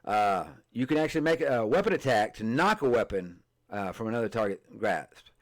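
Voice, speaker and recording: A man hosting a tabletop game podcast, chatting casually and reading game rules aloud, halting often, restarting phrases and filling pauses. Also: fairly low pitch, animated. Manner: halting, many fillers and restarts, stumbles over words. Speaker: podcast host. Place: streamed podcast setup.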